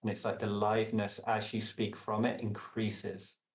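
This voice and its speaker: A man talking as a podcast guest in casual reflective conversation, meandering with many fillers and restarts and trailing off softly. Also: lowish voice, monotone, normal speed, reverberant, recorded from a distance. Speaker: podcast guest, relational coach.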